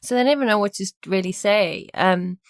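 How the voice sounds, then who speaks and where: A woman's voice: mid-range voice, brisk, dry recording, clean studio sound. A woman co-hosting a design podcast, casually sharing how she works with clients. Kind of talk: casual chat.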